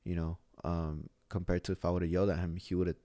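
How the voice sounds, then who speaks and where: Deep-voiced gym owner telling stories. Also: male voice, flat delivery, brisk, dark tone, no echo. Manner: rambling storyteller with many restarts. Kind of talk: casual podcast conversation.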